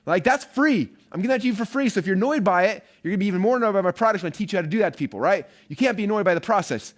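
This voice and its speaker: A man's voice: high voice, lively intonation, racing. A man coaching an online marketing course live, talking energetically and chattily and checking in with listeners with "right?" and "okay?".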